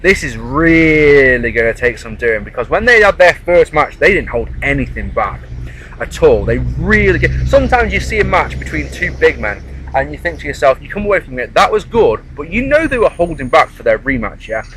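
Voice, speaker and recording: A man's voice: on the high side, sing-song, fairly quick, fairly bright tone, a little hiss or hum, poor audio. A man chatting casually outdoors in a park, rambling through a wrestling show review. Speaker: wrestling vlogger.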